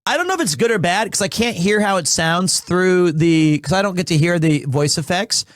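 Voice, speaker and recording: A man's voice: high voice, animated, normal speed, no room sound, studio quality. A young man streaming a game, chatting casually and rambling with lots of restarts. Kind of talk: casual live-stream chat.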